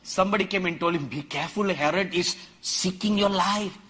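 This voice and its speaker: A man preaching a sermon to a conference crowd, quoting scripture dramatically and rising to emphatic shouts. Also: sits high, a little fast, breathy edge. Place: large conference hall.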